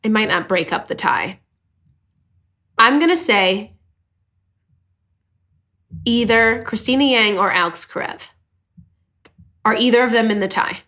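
Giggly high-voiced woman podcast co-host. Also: lively intonation, unhurried, pauses often, sharp tone. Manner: giggly, swearing, playful. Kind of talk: casual chat.

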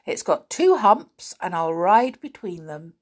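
An eager young boy from a storybook, bright and lively, voiced by a woman reading aloud. The voice stays close to the reader's own. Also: lowish voice, unhurried. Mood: excited.

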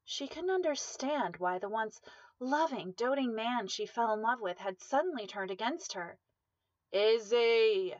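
Woman, storyteller, steady measured reading, dull lo-fi sound, dry. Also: a little high, dry recording. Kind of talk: reading a dramatic story aloud.

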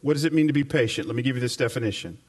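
A man preaching a sermon as pastor to a live congregation in a church, stressing key phrases with slow repetition. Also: mid-range voice, far from the mic.

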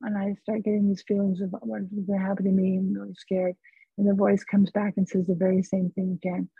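Very husky woman on a tinny line. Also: medium pitch, little pitch movement, no echo. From California. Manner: earnest, unhurried storytelling. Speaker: psychotherapist guest. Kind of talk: personal storytelling in an interview. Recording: tinny phone-like line, dry.

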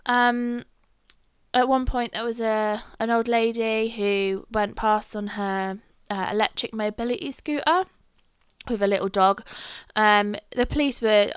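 A woman's voice: on the high side, animated, a little slow, a bit bright, clear, resonant tone, no room sound. A young woman with an English accent, telling a personal story in a casual, chatty way and swearing freely. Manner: chatty, swears freely, acts out her own reactions. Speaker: podcast host.

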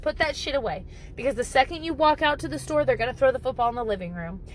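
Mom vlogger, high bouncy voice, swears freely, faint hum behind her. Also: animated, quick pace, rough recording. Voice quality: blunt and profane, jokingly exaggerated. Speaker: parent giving parenting advice. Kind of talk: casual monologue to camera.

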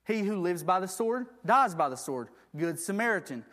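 A man's voice: sits high, animated, normal speed, a bit bright. A man preaching a sermon, reading scripture aloud and asking the congregation for agreement.

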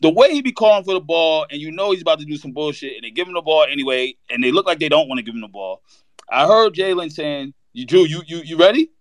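A man on a panel talks sports casually, telling stories in lively slang. His voice sits fairly high and swings widely up and down. The sound is close and dry. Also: fast, dry recording. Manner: animated storytelling with slang.

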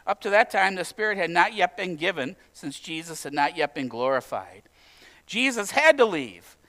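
A pastor with a notably high voice for a man, preaching in a relaxed, talky way. He jokes now and then and puts questions straight to the congregation. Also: normal speed. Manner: conversational, humorous preaching with direct questions to the congregation. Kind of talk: sermon.

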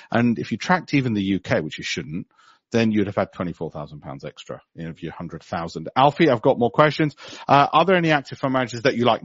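A man's voice: a little high, husky, dry recording, muffled recording. A middle-aged man, giving blunt, sarcastic market commentary on a podcast and mocking others in put-on voices.

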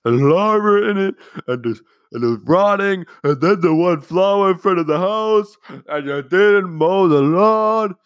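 A man's voice: high-pitched, a little slow, no echo, voice pushed up. A man putting on a whiny, nitpicking young adult friend who complains and turns sarcastic. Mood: whiny complaining.

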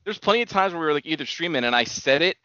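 A young man with a bright, bouncy voice needles his buddy with crude, teasing jokes. His voice rises and falls freely, recorded dry and slightly dull. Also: a little high, lively intonation, racing, clear, resonant tone, dry recording. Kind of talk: crude casual banter.

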